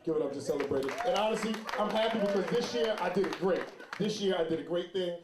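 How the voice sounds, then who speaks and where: A man doing a loud, animated stand-up comedy set, telling stories and shouting some bits. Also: sits high, quick pace, noisy background. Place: comedy club stage. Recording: roomy club with crowd. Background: audience laughter.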